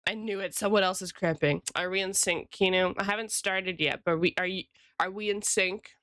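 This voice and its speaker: Woman streamer, casual rambling chat with viewers, mid-pitched, crisp and clean. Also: steady tone, normal speed, bright, forceful tone, dry recording, studio quality. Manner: chatty, rambling, greets chat by name. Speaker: freelance illustrator and streamer.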